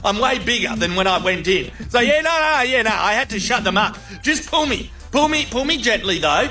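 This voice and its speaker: A man's voice: extremely high pitch, big pitch swings, fairly quick, pushed and bright, faint music behind, exaggerated voice. A man playing a cheeky Australian python. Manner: casual, cheeky, matey. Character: smug Australian python, cheeky male snake.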